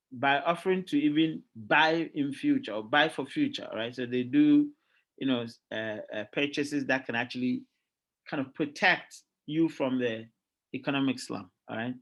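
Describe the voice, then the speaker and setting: A middle-aged man with a Ghanaian accent, giving a lively classroom lecture as a university lecturer and often checking in with his students. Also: mid-range voice, normal speed, dull audio. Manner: lively, keeps checking in with "all right?" and quizzing students.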